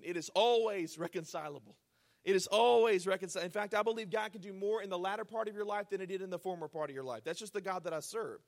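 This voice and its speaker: High-voiced man preaching earnestly. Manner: earnest, swings from hushed to loud emphatic urging. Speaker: pastor. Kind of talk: sermon.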